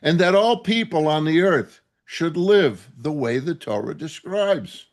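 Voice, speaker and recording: Slow, impassioned rabbi, man. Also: fairly high pitch, expressive. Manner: impassioned, indignant, rhetorical questions. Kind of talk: sermon.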